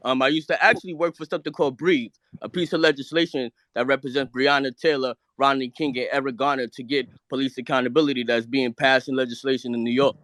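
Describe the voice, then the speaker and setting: A man's voice: medium pitch, steady tone, fast, hardly any pauses, fairly bright tone, no room sound. A man from the United States calling into a live audio room, arguing defensively with the host and talking over him. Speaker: caller. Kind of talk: heated call-in argument.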